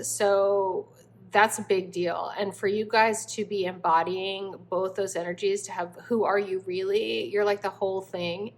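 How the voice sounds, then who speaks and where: Tarot reader, woman, effusive and doting, slight background noise. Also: medium pitch. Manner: effusive, affectionate, exclaiming often. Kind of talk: spiritual tarot reading.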